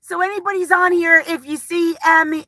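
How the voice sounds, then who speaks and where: Bright-voiced chatty woman vlogger. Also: very high voice, fairly even intonation, moderate pace, no echo. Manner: rambling, chatty, reads viewer comments aloud; openly nervous and emotional. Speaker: livestream vlogger. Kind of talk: casual live-chat talk.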